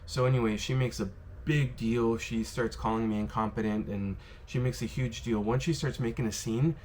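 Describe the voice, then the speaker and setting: A man casually telling stories to the camera about his bartending days, rambling and filling pauses with "um" and "you know". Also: medium pitch, fairly even intonation, darkish tone, a little hiss or hum. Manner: rambling, filler-heavy, lots of "you know" and "um". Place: worked in Las Vegas.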